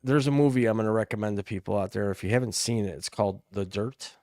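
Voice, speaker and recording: A middle-aged man tells loud, profane stories in casual talk, playing every part in his tales himself. His voice is gravelly, and the recording sounds close and dry. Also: lowish voice, fairly even intonation, fast talker, dry recording. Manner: rowdy storyteller, swears freely, acts out quotes. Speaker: podcast co-host. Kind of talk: casual chat.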